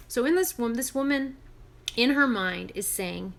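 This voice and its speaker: A woman teaching other women, retelling a Bible story in an animated, emphatic, chatty way. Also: a little high, a little slow, vocal fry.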